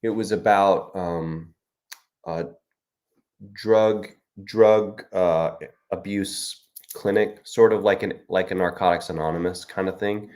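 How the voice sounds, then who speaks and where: A man's voice: sits low, fairly even intonation, slow, a little mellow. A man, an author, hosting a casual livestream chat, joking and laughing often.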